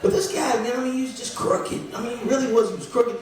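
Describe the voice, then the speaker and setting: A man with a very high, slightly mellow voice talks fast through a stand-up set at a small club, rambling conversationally and making fun of himself. The room is echoey, and he sounds distant.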